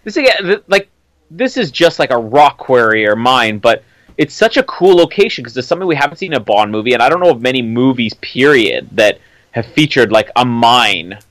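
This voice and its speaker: A man in a medium register talks through a movie with a friend, keen and wry by turns. His voice is dry and close, with a quick laugh never far off. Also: mid-range voice, very animated, fairly bright tone, no room sound. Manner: enthusiastic, wry asides, laughs often. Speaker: podcast co-host. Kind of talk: casual film commentary chat.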